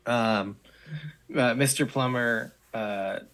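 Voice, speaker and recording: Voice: mid-range voice, slow pace, a bit bright. A game master narrating a tabletop roleplaying game, talking hesitantly with many restarts.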